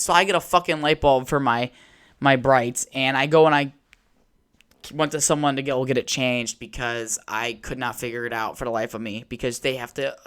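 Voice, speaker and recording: A young man talks alone into his podcast mic at home, rambling through his story with plenty of swearing. His delivery is loose, conversational and unscripted, with an ordinary middle pitch. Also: fairly bright tone, clean tone. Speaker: podcast host. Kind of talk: solo casual podcast rant. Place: at home by a window.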